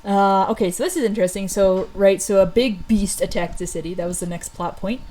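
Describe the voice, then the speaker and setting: A woman casually recapping old stories, rambling with lots of fillers and quick laughs. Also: mid-range voice, fairly even intonation, dark tone, rough recording. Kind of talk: casual chat.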